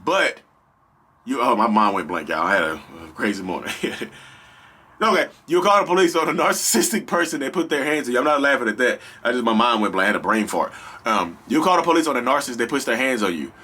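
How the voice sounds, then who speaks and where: A man hosting a casual advice vlog, talking straight to his viewers in an animated, slangy, rambling way. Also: medium pitch, fast talker, breathy edge. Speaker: vlog host.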